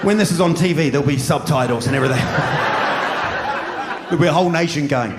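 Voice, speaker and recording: A New Zealand man in his fifties doing a stand-up comedy set, telling stories in an animated way and shouting when he does impressions. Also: on the high side, very fast. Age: 50s. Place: large venue with a live audience. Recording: live stage recording with crowd and noise.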